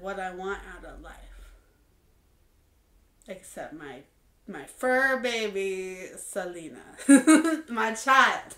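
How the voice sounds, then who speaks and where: A woman's voice: lowish voice, sharp tone. A young adult woman talking candidly in a casual, reflective monologue, full of "like" and "um". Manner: candid and earnest, many fillers like "like" and "um". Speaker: vlogger. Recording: roomy echo.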